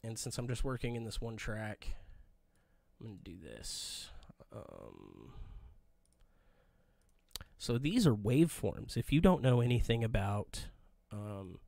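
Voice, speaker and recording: Gravelly man rambling through a demo. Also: fairly low pitch, very animated, takes it slowly, long pauses, dark tone, no echo. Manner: rambling, self-deprecating, mutters asides to himself. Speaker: podcast host. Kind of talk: casual live-stream demo. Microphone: desk microphone.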